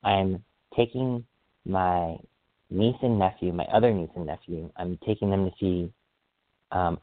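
Excitable man, deep voice, phone-like sound. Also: no room sound. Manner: excitable, rambling, quick to apologize. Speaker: podcast host. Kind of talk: casual solo podcast chat.

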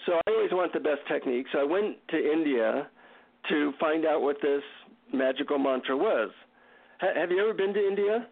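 Gravelly man telling a story by phone. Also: a little high, fairly quick. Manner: animated, self-mocking anecdote. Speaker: guest author. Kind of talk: storytelling in an interview. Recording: tinny phone line.

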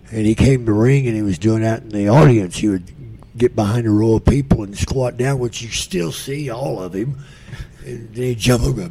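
A man's voice: medium pitch, normal speed, mellow, a little hiss or hum. An older man, a podcast guest, telling profane stories in a drawl and acting out the voices of the people in them. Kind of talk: casual storytelling.

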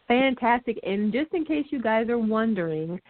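A woman's voice: fairly high pitch, animated, normal speed, a little hiss or hum. Bubbly woman co-host on a tinny phone line. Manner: bubbly, laughs often. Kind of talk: casual radio show chat.

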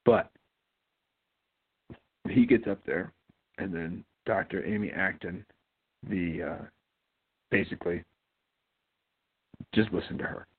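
Speaking slowly with frequent pauses and a breathy edge, this Ohio man's low voice hosts a casual talk show podcast. He rambles and mumbles, full of fillers and restarts, through a tinny, phone-like recording.

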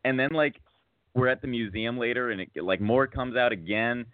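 Male host, rambling anecdote style, mid-pitched, dry tinny line. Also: normal speed, clean tone, dry recording. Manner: rambling, self-mocking, many fillers and restarts. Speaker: podcast host. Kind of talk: casual storytelling chat. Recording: tinny phone-like sound.

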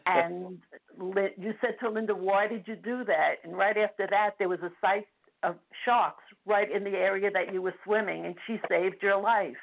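An older woman calling in to a radio show, speaking in a halting, emotional way and close to tears. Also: mid-range voice, fairly even intonation, creaky. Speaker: caller. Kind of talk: phone-in radio chat. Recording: tinny phone line.

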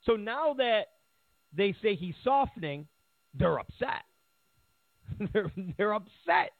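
A man with a gravelly voice talks slowly and mockingly, repeating himself and chuckling as he goes. His pitch swings widely. The sound is thin and phone-like. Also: very animated, no echo. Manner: mocking, repetitive, laughs at his own points. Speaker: political commentary host. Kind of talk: casual political commentary. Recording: tinny phone-like audio.

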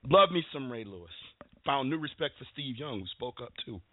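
A man's voice: mid-range voice, expressive, moderate pace, dry recording. A man from Connecticut hosting a call-in sports talk show, ranting in a fired-up, emphatic way and repeating his phrases. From Bristol, Connecticut, USA. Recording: tinny phone-line sound, dry.

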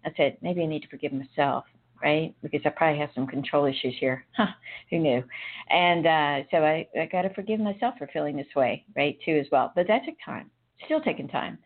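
A woman's voice: deep voice, fairly quick. A woman co-hosting a casual podcast chat, talking in a rambling, confiding way and laughing often between thoughts. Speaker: podcast co-host. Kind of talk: casual, candid conversation. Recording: tinny phone-line sound.

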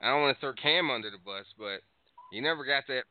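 A man's voice: mid-range voice, animated, fast talker, smooth, no room sound. A man co-hosting a call-in show, ranting casually with profanity and frequent laughter. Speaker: podcast co-host. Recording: tinny phone-like line.

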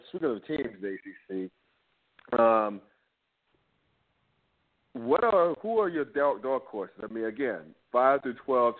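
Opinionated man on a tinny phone line. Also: fairly low pitch. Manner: opinionated, chuckling asides. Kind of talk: casual sports podcast chat.

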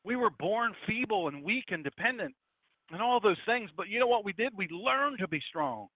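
A man's voice: sits high, expressive, moderate pace, dry recording. A man preaching an emphatic, fiery political sermon as pastor, now and then mimicking doubters. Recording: tinny phone-like radio broadcast.

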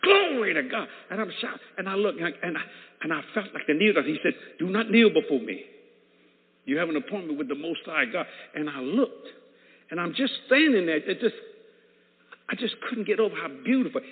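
Animated preacher telling his testimony. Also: high voice. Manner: animated storyteller who acts out dialogue. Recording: tinny phone-like sound in an echoey hall.

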